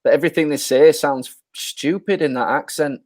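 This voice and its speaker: A man's voice: fairly high pitch, brisk, darkish tone, dry recording. A man, a podcast co-host in casual chat, blunt and ranting, swearing freely.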